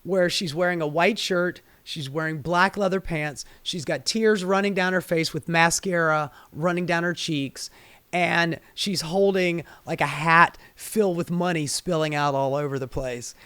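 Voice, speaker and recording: A woman in a heated political rant, swearing freely and swinging from low, grumbling asides to sudden loud peaks. Her voice sounds strained and worn. She is recorded close and dry, with no room sound around her. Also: a little slow, no room sound. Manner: profane, fired-up, swings between muttering and shouting. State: voice getting strained. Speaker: political commentary host.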